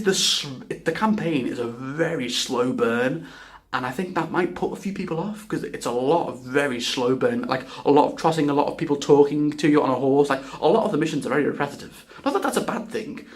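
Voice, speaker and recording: A man's voice: a little high, expressive, a little fast. A man giving a casual spoken video game review, rambling and enthusiastic, often restarting his sentences and swearing.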